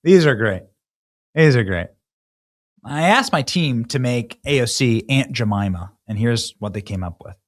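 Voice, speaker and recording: Male host from Iowa, sarcastic commentator, lively and animated delivery. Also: mid-range voice, unhurried. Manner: animated and sarcastic, with loose conversational restarts. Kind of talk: mocking political commentary.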